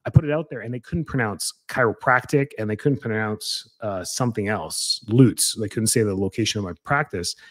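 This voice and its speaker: Rambling energetic man, dry close mic. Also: on the low side, brisk, few pauses, no echo. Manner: rambling, energetic, frequent restarts and fillers. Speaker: podcast host, chiropractor. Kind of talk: casual podcast talk.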